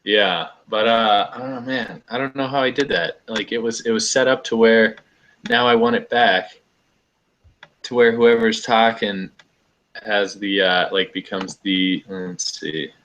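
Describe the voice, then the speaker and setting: A man's voice: lowish voice, fairly even intonation, a little slow, fairly bright tone, highs cut off. A young man chatting casually on a video call, laid-back and rambling, filling his talk with "like" and laughing easily. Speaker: host.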